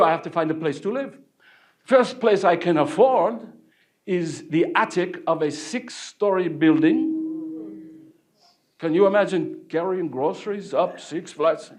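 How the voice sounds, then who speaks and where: A man's voice: on the high side, unhurried. A man playing a theatrical French painter storyteller. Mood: playful. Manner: animated, joking with the audience. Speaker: actor portraying a painter. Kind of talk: live one-man character performance. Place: village hall, live audience.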